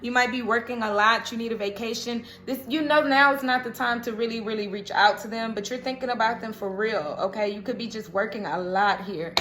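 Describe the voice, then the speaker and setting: Woman, tarot reader, casual and chatty, bright tone, roomy echo. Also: on the high side, a little fast, few pauses, a little hiss or hum. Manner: chatty, laughs often, keeps asking "okay?".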